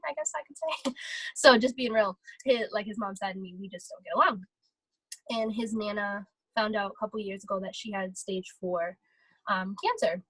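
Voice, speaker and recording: A young woman talking casually and excitedly on a motivational vlog, full of fillers. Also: medium pitch, slightly rough, no room sound, low-quality recording. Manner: chatty, filler-heavy, excitable. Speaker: vlogger.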